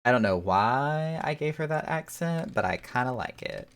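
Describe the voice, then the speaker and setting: Woman streamer, casual game chat, very deep voice, lively pitch. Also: a little slow. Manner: offhand, joking.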